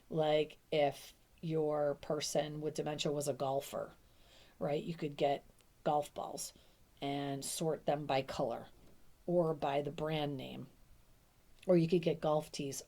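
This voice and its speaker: A woman's voice: low voice, darkish tone. A middle-aged woman coaching dementia caregivers in a casual, emphatic teaching talk, often acting out little quoted lines.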